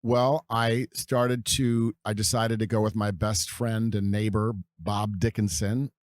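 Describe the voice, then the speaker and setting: A man's voice: on the low side, little pitch movement, dry recording, clean studio sound. A man in his fifties from California, a podcast guest telling long, meandering stories from his past at an easy pace. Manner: unhurried, meandering storyteller. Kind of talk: reminiscing interview storytelling.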